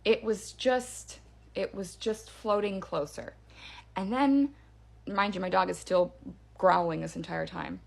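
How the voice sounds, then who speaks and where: A woman's voice: mid-range voice, measured pace, gravelly. A woman casually telling a first-person scary story in a chatty way, with fillers and restarts.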